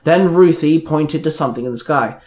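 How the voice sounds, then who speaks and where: A man's voice: fairly quick, darkish tone. Young man reading a fan story aloud. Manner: plain storytelling with small slips, lifting pitch for quoted characters. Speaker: fan fiction reader.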